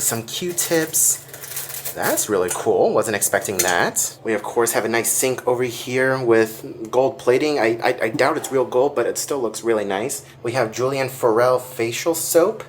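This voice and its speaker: A man's voice: medium pitch, a little hiss or hum. A man vlogging a hotel tour, gushing and exclaiming as he shows the rooftop and then a room to viewers. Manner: excitable, gushing, addresses viewers as guys. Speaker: theme park vlogger.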